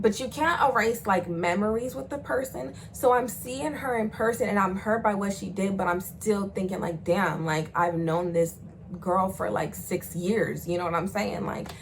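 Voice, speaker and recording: A woman's voice: medium pitch, moderate pace, slight background noise, poor audio. A young woman vlogger telling a personal story in a casual, slangy way, swearing freely and acting out the voices of the people she quotes.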